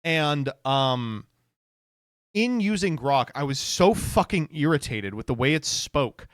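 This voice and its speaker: A man's voice: fairly high pitch, lively intonation, slow, no echo, clean studio sound. A man streaming and reacting to posts in casual commentary, sardonic and swearing freely.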